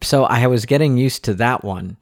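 A man co-hosting a podcast, telling stories in a lively casual chat and putting on kids' voices. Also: medium pitch, normal speed, dry recording, studio quality. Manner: animated storyteller, puts on kids' voices. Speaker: podcast co-host.

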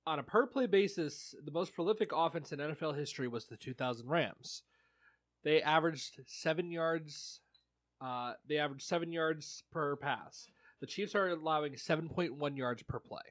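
A man co-hosting a casual sports talk show, making measured points backed by statistics. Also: on the high side, a bit bright. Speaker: sports podcast co-host.

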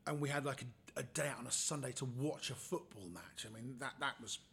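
A man's voice: medium pitch, brisk, vocal fry, fairly bright tone, a little hiss or hum. A man, a comedian guest, telling stories in casual chat and acting out the people he quotes.

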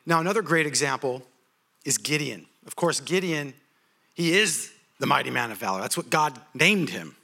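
A man preaching a sermon, telling a story in an animated, humorous way. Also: medium pitch, moderate pace, creaky.

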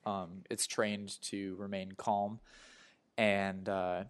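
A man's voice: fairly low pitch, little pitch movement, drawn-out words, smooth. A young man, a player, narrating his character's actions in a tabletop game, rambling with lots of "like" and "kinda".

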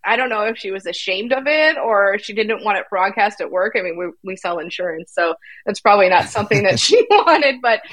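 A woman co-hosting a casual podcast with her husband, telling stories in a chatty, animated way. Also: mid-range voice, fairly quick, few pauses, no echo. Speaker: podcast co-host. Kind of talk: casual chat.

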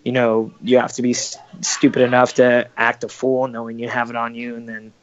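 A man's voice: medium pitch, completely flat delivery, brisk, lo-fi sound, slight background noise. A man telling a rambling, profane story in casual podcast chat. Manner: profane, rambling, acts out quoted voices.

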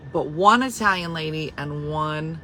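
A woman hosting a casual chat, talking animatedly and dropping into hushed asides. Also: sits low, a little slow, a little hiss or hum, rough recording. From New Jersey. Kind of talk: casual chat reacting to comments.

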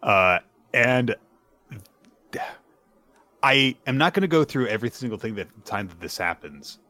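A man hosting a podcast, retelling a manga chapter in a casual, animated and playful way. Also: medium pitch, a little slow. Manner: animated, playful, acts out characters. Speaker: podcast host.

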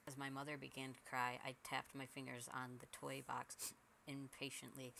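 Gravelly man narrating a horror story. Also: medium pitch, completely flat delivery, normal speed, pushed and bright, a little hiss or hum, low-quality recording.

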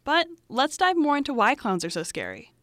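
A woman's voice: high-pitched, wildly swooping pitch, moderate pace, fairly bright tone, no room sound. A young woman hosting a student podcast, reading a script with wry asides to the listener. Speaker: student podcast host and reporter.

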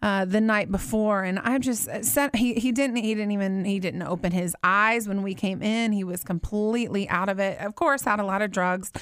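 A woman in her thirties telling a personal faith story, earnest and heartfelt, slowing down to stress her words. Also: medium pitch, clean tone, dry recording. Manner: earnest, heartfelt, slows down for emphasis.

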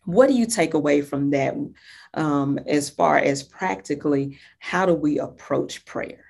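A woman's voice: low-pitched, measured pace, vocal fry. A woman co-hosting a faith talk, reading scripture and asking her co-host questions. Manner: reads scripture steadily, then asks questions, affirms with quiet mm-hmms. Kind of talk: Bible reading and casual faith chat.

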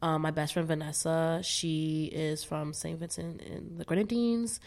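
A woman's voice: low-pitched, steady tone, a little slow, darkish tone. A young woman raised in the US with a Barbadian family, chatting candidly as a guest, swearing freely and laughing often. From United States, Caribbean American family from Barbados. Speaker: podcast guest. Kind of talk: casual chat.

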